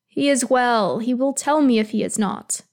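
A woman's voice: on the high side, normal speed, darkish tone, close to an everyday voice. A woman voicing a proud, stubborn male elf king who speaks insistently and defensively. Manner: insistent, bristling.

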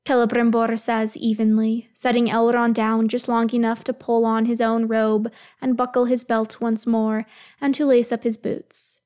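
Woman calmly reading a story aloud. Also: fairly high pitch, moderate pace. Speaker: reader. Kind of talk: reading fan fiction aloud.

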